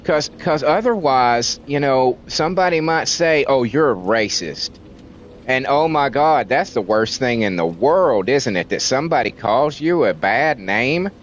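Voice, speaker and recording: A man's voice: medium pitch, animated, a little slow, hardly any pauses, a little hiss or hum. A man from the United States, a livestreamer ranting in a heated, profane way and repeating words for emphasis. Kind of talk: casual ranting commentary on stream.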